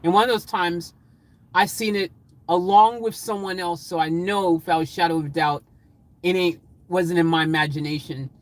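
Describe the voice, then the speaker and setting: A man chatting casually on a livestream, reading out chat comments and rambling excitedly with frequent laughter. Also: sits high, normal speed, poor audio.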